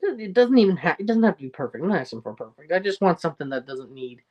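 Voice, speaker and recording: A man's voice: sits high, big pitch swings, quick pace, lo-fi sound. Newfoundland guy on a chill livestream, reading comments, rambly and jokey, laughs a lot. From Newfoundland, Canada. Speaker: livestream host. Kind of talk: casual livestream chat, reading viewer comments aloud.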